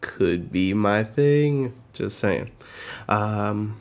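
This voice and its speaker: A man's voice: on the low side, expressive, very slow, darkish tone. A tired, yawning man hosting a live manga reaction, reading scenes aloud and adding his own asides.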